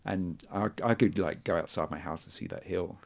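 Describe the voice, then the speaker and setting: A man's voice: low voice, normal speed, gravelly. A man from England, a podcast co-host chatting casually about films and hometown ghost stories. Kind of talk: casual chat.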